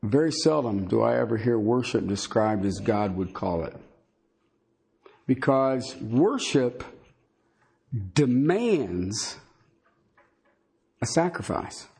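Slow, halting man preaching. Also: mid-range voice, very animated, gravelly, a little mellow, husky. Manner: slow, halting delivery with many fillers; conversational, folksy asides. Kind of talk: bible teaching sermon.

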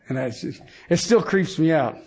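A middle-aged man preaching a sermon in a folksy, emphatic way, swinging from loud points to hushed lines. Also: a little high, slightly rough. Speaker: pastor.

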